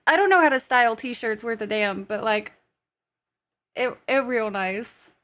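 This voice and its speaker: Woman streamer, high voice, slow easygoing delivery, casual chat, giggly, swears. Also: lively intonation, a bit bright.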